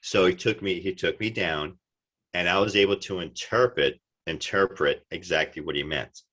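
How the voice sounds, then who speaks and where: Deep-voiced animated male storyteller. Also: moderate pace. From United States. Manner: animated storyteller, acts out quotes. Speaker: actor guest. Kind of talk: casual interview chat.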